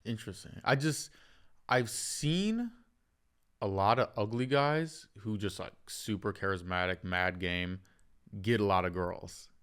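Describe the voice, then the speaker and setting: A man hosting a podcast, telling an animated, joking story in casual conversation. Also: on the low side, measured pace, clean tone. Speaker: podcast host.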